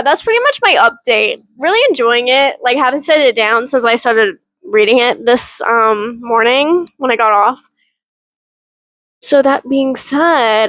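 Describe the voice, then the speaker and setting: A woman's voice: on the high side, fairly bright tone, no echo, low-quality recording. A woman giving a casual reading update as a book vlogger, chatty and rambling, with frequent laughs and some swearing.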